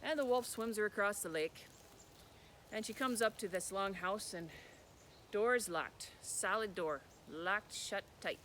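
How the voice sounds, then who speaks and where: A man telling a folk tale as a storyteller, animated, with sound words. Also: high voice, unhurried, a little hiss or hum.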